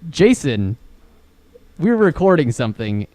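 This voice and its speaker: A young man in his twenties chatting on a podcast with a friend. His voice is a bit high for a man and swings widely as he tells stories. He swears freely and breaks into squeaky impressions of his friend. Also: measured pace, no room sound. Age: 20s. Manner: animated storyteller, swearing, acts out others' lines in a squeaky voice. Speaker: podcast co-host. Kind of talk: casual chat.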